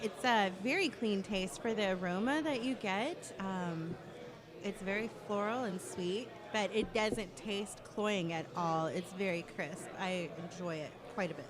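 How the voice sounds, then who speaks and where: A woman with a middle-pitched voice talks about a beer with bubbly ease. A lively crowd is clear behind her. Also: measured pace. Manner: bubbly, laughs easily. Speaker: taster. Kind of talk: casual tasting chat.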